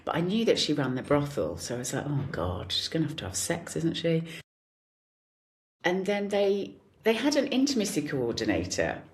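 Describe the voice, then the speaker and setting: A woman's voice: low-pitched, moderate pace, slight background noise. A woman in her forties, a guest actor, telling stories in casual chat and laughing often. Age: 40s. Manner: animated storyteller, laughs often.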